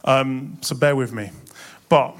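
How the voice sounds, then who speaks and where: A man's voice: medium pitch, steady tone, takes it slowly. A young man preaching a sermon in a church, impassioned and building to emphatic swells.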